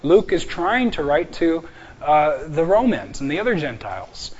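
A man teaching an apologetics class from slides, joking and slowing down to stress key words. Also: fairly high pitch, sing-song, husky, lo-fi sound.

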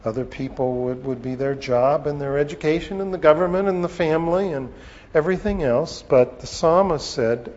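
A man teaching a sermon on scripture, with a slow, deliberate delivery and pauses. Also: on the high side, darkish tone. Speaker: preacher. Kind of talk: expository Bible teaching. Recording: long reverb, dull lo-fi sound.

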